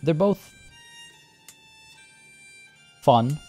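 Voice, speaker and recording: Over soft background music, a man streams a strategy game and chats casually, reasoning aloud and replying to his chat. His voice is a little high, warm and husky, expressive, with drawn-out words.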